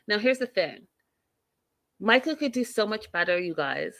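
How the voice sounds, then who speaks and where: A woman's voice: medium pitch, moderate pace, pauses often. A woman hosting a TV recap show, giving blunt, opinionated commentary to her viewers and swearing freely. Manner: animated, talks directly to viewers.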